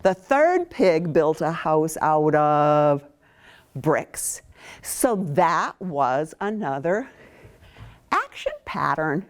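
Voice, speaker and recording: A children's author from Maine, a woman, leads a lesson for little kids at an unhurried pace. Her voice sits on the lower side but swings widely in pitch as she coaxes them to join in. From Maine, USA. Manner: slow, expressive, coaxing the class to join in. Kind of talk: interactive lesson for young children.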